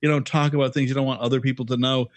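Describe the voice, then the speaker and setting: A man who is a regular on a podcast, talking in casual comedic chat in a halting, stammering, self-deprecating way. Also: medium pitch, little pitch movement, no echo.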